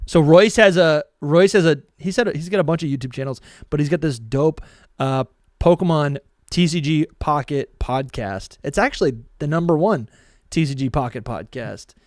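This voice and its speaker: A slightly high-voiced man hosts a podcast and cheers on his co-hosts with eager, upbeat energy. His voice sounds close and dry, with little room sound. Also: lively intonation, normal speed, darkish tone, no echo. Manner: eager, hypes others up. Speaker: podcast host. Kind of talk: casual chat.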